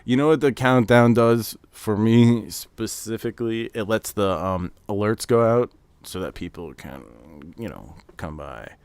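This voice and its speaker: A man's voice: on the low side, measured pace, darkish tone, clean tone, dry recording. An American man hosting a casual live stream, rambling and chatting while he answers his viewers' comments. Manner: rambling, chatty, reads and answers chat aloud. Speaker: streamer hosting a live reveal watch party.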